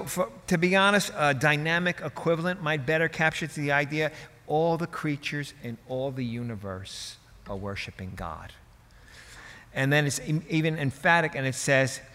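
A male pastor delivering a dramatic, emphatic sermon, his loudness swinging widely from hushed to booming. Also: long reverb tail.

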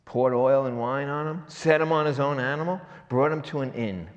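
A man's voice: mid-range voice, moderate pace, highs cut off. Preaching man in a reverberant hall. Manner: emphatic preaching with repeated rhetorical questions; swings between loud and hushed delivery. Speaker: pastor. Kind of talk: sermon. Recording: long reverb of a large hall.

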